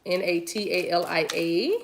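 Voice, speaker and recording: A woman's voice: lowish voice, unhurried, gravelly, slight background noise. A woman giving a casual livestream tarot reading, chatty and playful, laughing easily. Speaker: tarot reader.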